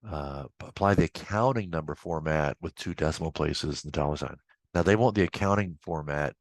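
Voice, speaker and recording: Very deep-voiced man teaching casually. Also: brisk, no echo. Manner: casual, chatty, with offhand asides. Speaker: accounting instructor. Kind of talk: screen-recorded software tutorial.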